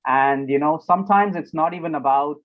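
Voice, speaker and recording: A fairly high-voiced man talks in a relaxed interview as a public speaking coach. He is animated, breaking into loud acted-out lines now and then. The sound is dull and muffled, as over an online call. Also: brisk. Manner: animated, acts out moments with sudden loud exclamations. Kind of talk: casual interview talk.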